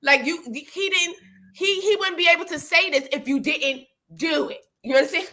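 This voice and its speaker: A woman co-hosting a casual chat show, blunt, profane and animated. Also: very high voice, moderate pace. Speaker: podcast co-host.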